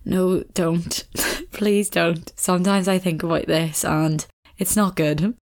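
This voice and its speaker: A woman's voice: on the low side, steady tone, slow. A young woman, hosting a podcast and telling a story in a candid, chatty way, swearing freely and saying "like" a lot. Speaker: podcast host. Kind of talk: casual storytelling chat.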